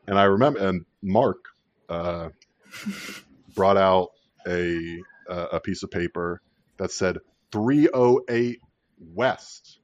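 A man's voice: deep voice, slow pace, dry recording. A man in his thirties casually telling a rambling personal story, swearing freely and laughing at his own tale.

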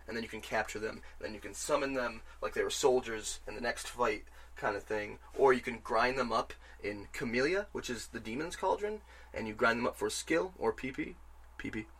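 A man in casual podcast chat about a video game, rambling and excitable, swearing freely. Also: mid-range voice, brisk, breathy edge.

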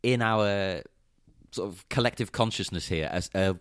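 A man from the United Kingdom chatting casually on a podcast, chatty and quick to laugh. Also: low voice, clean tone, dry recording, studio quality. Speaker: podcast co-host. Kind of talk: casual chat.

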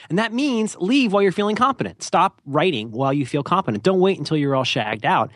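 Male podcast co-host, chatty and rambling, jokey and self-mocking; animated delivery. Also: a little high, fast talker, no room sound, studio quality. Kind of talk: casual podcast chat.

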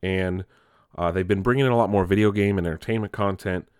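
Young guy doing nerd news, chatty and cussing, lowish voice, dry close sound. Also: quick pace, darkish tone, smooth, dry recording. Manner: chatty, swears freely, laughs at his own jokes. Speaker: host of an entertainment news show. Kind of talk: casual news commentary.

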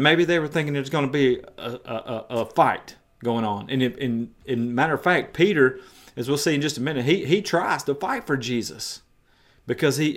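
A man preaching a sermon, retelling a story emphatically and in vivid detail. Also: mid-range voice.

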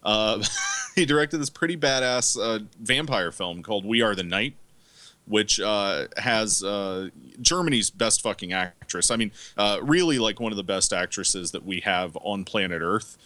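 A man's voice: on the low side, measured pace, pushed and bright, no room sound. A man co-hosting a podcast, reviewing movies in casual chat, rambling and swearing with lots of fillers. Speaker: podcast co-host.

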